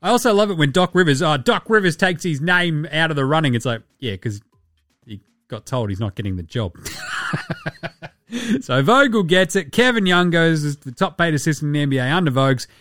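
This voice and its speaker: A man hosting a casual basketball podcast, animated and sweary with jokey asides. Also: on the high side, quick pace, hardly any pauses, dry recording, studio quality. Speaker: podcast host.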